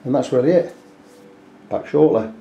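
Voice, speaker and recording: Chatty guitar tech, roomy. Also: male voice, medium pitch, moderate pace, vocal fry, warm tone, lo-fi sound, a little hiss or hum. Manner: chatty, explains step by step, talks while working. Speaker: guitar repair technician. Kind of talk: hands-on repair walkthrough. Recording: echoey workshop room.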